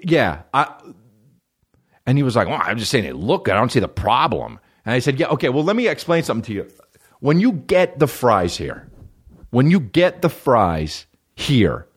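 A man hosting a solo comedy podcast, telling a story with plenty of swearing. His pitch swings widely as he jumps between his own voice and the people he quotes. He sounds like a man in his thirties. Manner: animated storytelling, profane, acts out voices of others. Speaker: podcast host.

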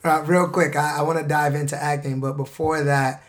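A man's voice: fairly high pitch, little pitch movement, moderate pace. Man asking reflective interview questions. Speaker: interviewer, host. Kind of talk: casual interview conversation.

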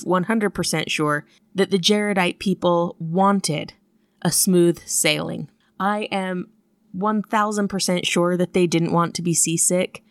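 A woman's voice: fairly low pitch, no room sound. Earnest woman teaching a scripture lesson. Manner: earnest and emphatic, stacking repeated phrases. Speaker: gospel study teacher. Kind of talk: devotional lesson.

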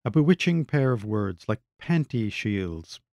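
A man reading his own short story aloud in a measured, wry way, close to the mic. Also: on the low side, very animated, vocal fry, darkish tone, no room sound. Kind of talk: literary reading.

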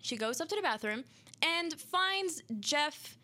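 A woman's voice: high voice, animated, a little slow, sharp tone. A woman hosting a radio show, retelling a creepy story in a casual, rambling way full of "like" and restarts, sounding nervous. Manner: nervous, rambling, heavy filler words.

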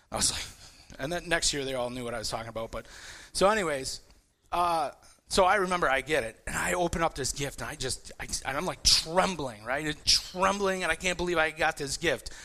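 A man in his forties preaching a casual sermon, telling animated personal stories with many restarts and repeated words. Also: on the high side. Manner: repetitive restarts, animated storytelling.

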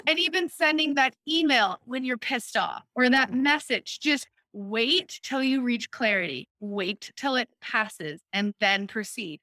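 A woman hosting a casual chat, explaining an idea in a lively way, often checking in with "right?" and acting out quoted thoughts. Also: on the high side, measured pace, hardly any pauses, no echo. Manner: lively, acts out quoted inner voices, frequent "right?". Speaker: host explaining a personal decision-making method.

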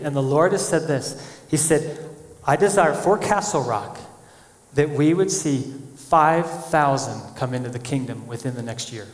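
A man preaching a sermon as pastor, animated, acting out quoted voices as he speaks. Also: fairly high pitch. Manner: animated, acts out quotes of God and people. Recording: echoey church hall.

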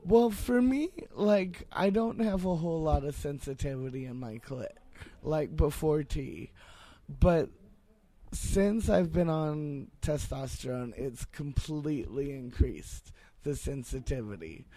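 A man's voice: on the high side, animated, slow pace, warm tone. A young trans man, a podcast guest, speaking earnestly and thoughtfully in casual chat.

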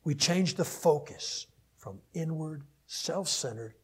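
A man preaching a counseling-focused sermon to a live audience, swinging between emphatic peaks and quiet asides, then leading a prayer. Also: medium pitch, a little slow, long pauses, breathy edge. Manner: animated, rising to emphatic peaks and dropping to soft asides. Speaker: pastor. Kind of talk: sermon teaching ending in prayer.

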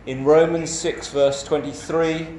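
A man's voice: on the high side, steady tone, a little mellow, a little hiss or hum. Male preacher, emphatic sermon delivery, echoey hall with faint ambience. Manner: measured, emphatic delivery with rhetorical questions.

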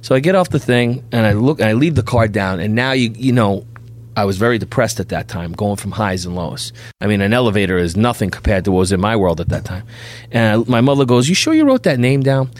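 A middle-aged man from New York, a podcast guest telling a lively anecdote who jumps into high, loud voices for the people he quotes. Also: brisk. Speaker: podcast guest, bail bondsman.

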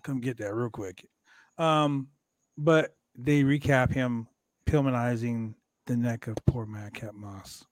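A man hosting a casual wrestling recap, animated and jokey, slipping into high voices to act out what others said. His voice sits mid-range and sounds close and dry, with no room around it. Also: dry recording. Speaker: podcast host.

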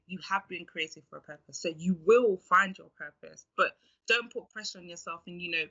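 A woman with a London accent talks about faith in an encouraging, preachy way. Her voice is very bright and cutting. The recording sounds dull and lo-fi. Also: lowish voice. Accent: London English. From England. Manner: encouraging, preachy, laughs often. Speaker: podcast guest. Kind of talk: faith-based podcast chat.

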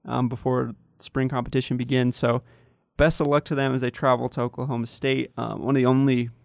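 A young man hosting a casual sports podcast, relaxed and chatty with many fillers. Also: medium pitch, brisk, gravelly, no room sound, studio quality. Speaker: podcast host.

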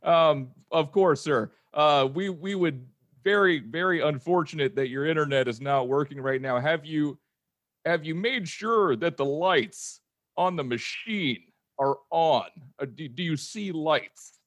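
A man's voice: on the high side, measured pace, fairly bright tone. A man voicing an overly polite male internet-provider phone rep with an odd put-on accent in an improvised comedy scene. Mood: polite formal.

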